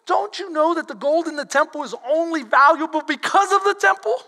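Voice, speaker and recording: High-voiced pastor preaching animatedly. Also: male voice, a little fast, creaky. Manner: animated, switches to shouting when quoting. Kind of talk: sermon. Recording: long hall reverb.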